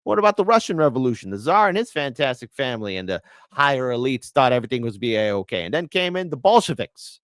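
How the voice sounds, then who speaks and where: A man's voice: medium pitch, sing-song, fast, dry recording, clean studio sound. A man hosting political commentary, ranting with fiery indignation. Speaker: commentary host.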